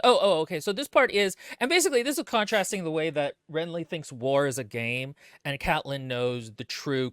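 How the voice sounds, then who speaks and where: Brief: male podcast co-host, lively pitch swings, dry close sound, chatty and joking. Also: no room sound. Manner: animated, joking, quick asides. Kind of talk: casual book-club stream chat.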